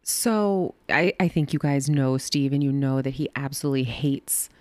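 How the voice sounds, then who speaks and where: A woman's voice: rumbling low, fairly even intonation, normal speed, a little mellow, dry recording. A woman, a guest, telling a chatty story on a podcast and laughing along the way. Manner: chatty, laughs through her stories. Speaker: guest, a co-host's wife.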